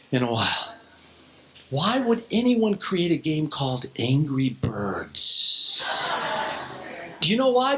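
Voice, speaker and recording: A man's voice: high-pitched, bright, forceful tone. An older man preaching a joking, theatrical youth sermon. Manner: joking, theatrical, exaggerated shifts in delivery. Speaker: youth speaker.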